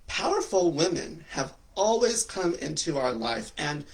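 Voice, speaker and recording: A man's voice: on the high side, very animated, measured pace. A young man giving a flamboyant, preachy motivational monologue, with sassy asides. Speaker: spiritual talk host.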